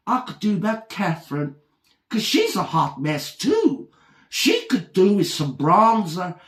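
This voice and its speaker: A man's voice: high voice, reverberant, exaggerated voice. A man doing a camp, self-pitying celebrity make-up artist. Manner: camp, rambling, put-on drawl that slips in and out. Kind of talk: satirical character monologue.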